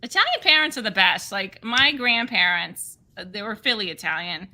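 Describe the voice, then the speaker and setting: A woman chatting casually on a podcast, telling stories with laughter and loud impressions. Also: mid-range voice, moderate pace, rough recording. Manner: animated, laughing storyteller doing loud impressions.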